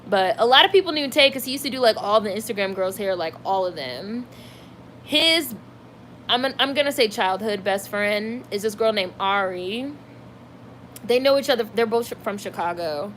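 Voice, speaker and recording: A talkative woman in the middle of her voice range, dishing celebrity gossip to a live chat. She talks in an animated way, with "like" running through every thought. A faint hiss sits under her voice. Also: medium pitch, moderate pace. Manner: chatty, animated, heavy use of "like". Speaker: livestream host reading chat.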